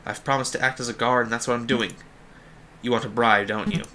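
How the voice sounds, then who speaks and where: A man voicing a mouthy crow jailer from a game, sneering with a vaguely Bostonian twang. Gruff and greedy, with a bright, pushy tone. A faint hiss of noise sits behind. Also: mid-range voice, fairly even intonation, brisk, lightly acted. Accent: vaguely Bostonian put-on. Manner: gruff, sneering, rough slang. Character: greedy mouthy crow jail guard, middle-aged man.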